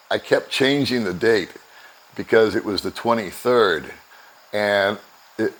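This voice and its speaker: A man's voice: low voice, low-quality recording. An older American man casually telling a travel story, often chuckling and acting out both sides of conversations. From United States. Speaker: vlogger.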